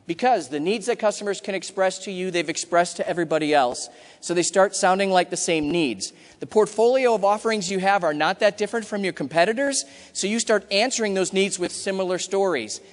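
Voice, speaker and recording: A middle-aged man giving an energetic, emphatic conference talk, acting out what customers say in quick asides. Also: high-pitched. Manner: punchy, emphatic delivery with acted-out customer quotes. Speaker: conference keynote speaker. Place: large conference hall. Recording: hall reverb from a big room.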